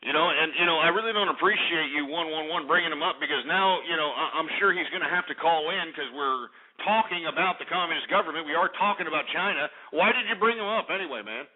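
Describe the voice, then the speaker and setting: Brash, profane talk radio host. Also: male voice, on the high side, fast, hardly any pauses. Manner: brash, profane, many fillers. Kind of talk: call-in talk radio rant. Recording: tinny phone-quality broadcast audio.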